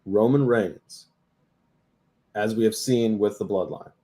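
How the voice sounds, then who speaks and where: A man's voice: lowish voice, slow, mellow. A man co-hosting a casual sports chat, making dry joking quips. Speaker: co-host.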